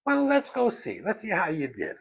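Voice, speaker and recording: Brief: a man doing a stern male teacher, quick to anger, pitched high and lively, gravelly edge. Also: exaggerated voice. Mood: skeptical. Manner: indignant, accusing, raised voice.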